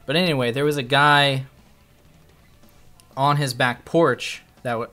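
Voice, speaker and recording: A male streamer telling a long story in casual chat, rambling and swearing freely, and jumping into animated voices when he quotes people. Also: medium pitch, normal speed, soft background music.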